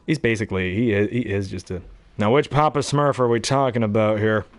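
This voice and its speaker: A young man with a lowish, brisk voice chats casually between impressions, rambling and hesitating with lots of fillers. He's a hobby voice actor, heard in a dry recording.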